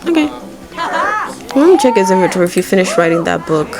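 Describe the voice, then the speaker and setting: A woman's voice: on the low side, sing-song, fast, over loud music. Chatty woman narrating her gameplay. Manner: chatty, rambling, swears freely. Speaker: gaming video creator. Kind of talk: casual let's-play commentary.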